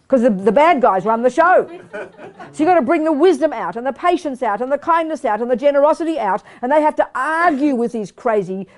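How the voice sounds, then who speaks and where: A woman with a fairly high but darkish voice gives a Buddhist teaching talk to a study group. She's blunt and emphatic, sometimes acting out the inner voices she describes.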